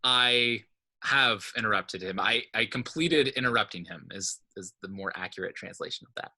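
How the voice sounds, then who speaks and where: In this casual online language class, a male teacher walks through the material one step at a time and keeps checking on his students. His voice sits on the low side, with a sharp tone and a normal speaking speed.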